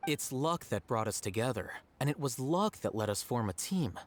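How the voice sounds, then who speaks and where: A man voicing a calm, analytical young man in a video game, measured and logical. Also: medium pitch, natural voice.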